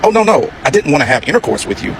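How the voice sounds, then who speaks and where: A man's voice: on the high side, sing-song, racing, fairly bright tone, slight background noise, voice pushed up. A man voicing an incredulous young woman. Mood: protesting. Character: irritated young woman on a date call.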